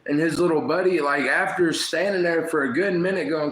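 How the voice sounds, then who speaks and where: A man's voice: a little high, brisk, fairly bright tone, a little hiss or hum. A man hosting a casual livestream, talking in slangy, profane chat and calling everyone bro. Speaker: livestream host. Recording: echoey room.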